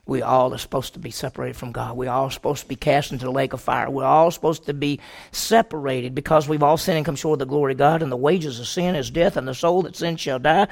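A man preaching a sermon to a congregation, telling a story dramatically, moving from loud questions to hushed, slow passages. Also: fairly high pitch. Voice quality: gravelly.

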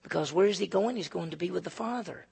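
A man preaching a conversational, emphatic sermon as pastor, swinging between loud and soft. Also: high voice, quick pace, creaky, husky. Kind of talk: expository sermon. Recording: long hall reverb.

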